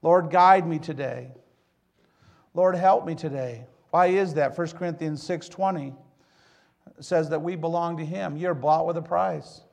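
A middle-aged man preaching a sermon with a gravelly edge and a slightly high pitch. He mixes scripture with folksy jokes about his own life and speaks straight to the congregation. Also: unhurried. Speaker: pastor.

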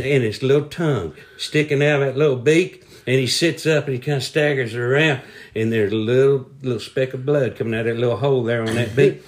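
Guy spinning a folksy joke, drawn out, easygoing. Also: medium pitch. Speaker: storyteller. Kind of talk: casual joke telling.

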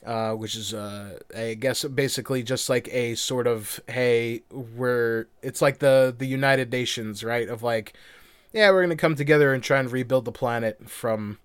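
A man's voice: mid-range voice, normal speed, smooth, dry recording. Rambling, laughing male podcast co-host. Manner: rambling, laughs often, swears casually. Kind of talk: casual chat.

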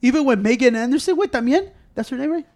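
High-voiced man, rambling bilingual banter. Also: expressive, racing, darkish tone. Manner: rambling, profane, mixes Spanish into English. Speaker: podcast co-host. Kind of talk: casual chat.

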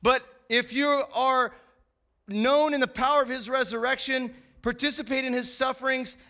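High bright-voiced man preaching casually. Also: normal speed. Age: adult father of young boys. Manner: animated, folksy, peppered with "man" and "right?". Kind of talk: casual conversational sermon.

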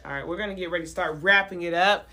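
A young woman hosting a casual podcast, talking in a lively, slangy way and laughing often. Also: fairly low pitch, very fast, a little hiss or hum. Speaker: podcast host. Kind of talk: casual podcast chat with freestyle rapping.

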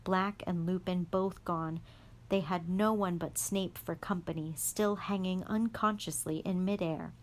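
A woman reading a chapter of a storybook aloud in a calm, even voice. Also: lowish voice, measured pace. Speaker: guest reader.

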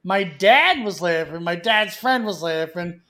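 A man's voice: high voice, unhurried. A man from Florida co-hosting a podcast, telling rambling, profane stories in a loose banter style. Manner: profane, rambling, animated storyteller. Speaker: podcast co-host. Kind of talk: crude storytelling banter.

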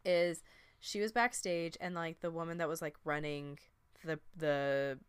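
A woman co-host chatting casually about a movie, full of fillers and playful acted-out quotes. Her voice sits a little low and comes across smooth and clean. The sound is dry and close, with no room around it. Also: fairly even intonation, measured pace, no room sound. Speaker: podcast co-host. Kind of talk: casual chat reviewing a movie.

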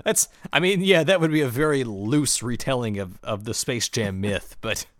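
A man co-hosting a podcast who recaps a TV episode as an animated storyteller, full of mock outrage. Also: mid-range voice, moderate pace, no room sound, studio quality. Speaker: podcast co-host. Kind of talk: casual episode recap chat.

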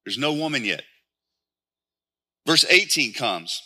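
Male pastor, sermon delivery, very bright and forceful tone, keeps asking rhetorical questions. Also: mid-range voice, sing-song, takes it slowly. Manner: explains scripture with frequent rhetorical questions.

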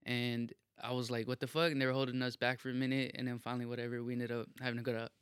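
A man's voice: mid-range voice, rapid-fire, clear, resonant tone, no room sound, clean studio sound. A young man telling a wild story in casual podcast chat, swearing a lot and stacking fillers. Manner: profane, animated storytelling with lots of fillers.

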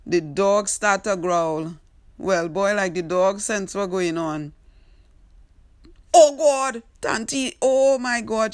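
A woman's voice: medium pitch, no room sound, studio quality. A woman with a Trinidadian accent, telling a comic story and teasing its character with exclamations. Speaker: storyteller host.

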